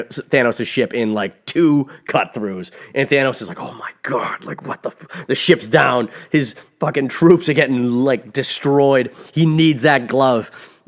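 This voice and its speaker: Male podcast host, casual film recap, gushing and excitable, curses freely, rambling restarts. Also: mid-range voice. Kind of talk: casual spoiler movie review.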